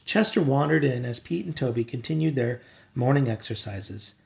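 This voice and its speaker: A man reading a children's novel aloud to his child at home, with wry, expressive storytelling. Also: mid-range voice, moderate pace, gravelly, highs cut off.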